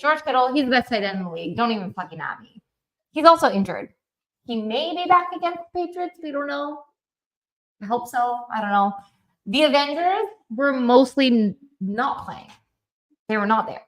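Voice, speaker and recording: A woman's voice: on the high side, fairly bright tone, rough recording. Brash, profane woman talking football. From Canada. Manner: brash, profane and emphatic, laughs often. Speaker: football fan show host. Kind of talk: casual sports opinion vlog.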